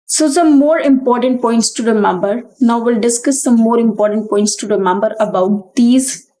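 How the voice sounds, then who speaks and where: A young woman teaches English grammar for exam preparation. Her voice sits a little high, and she explains each point in careful steps, repeating the key terms so they stick. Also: normal speed, warm tone, low-quality recording. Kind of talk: exam-prep grammar lesson.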